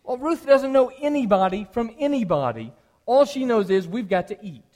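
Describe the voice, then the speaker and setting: A middle-aged man, a pastor, preaching a sermon in a conversational way that rises at times to animated emphasis. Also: very high-pitched, moderate pace.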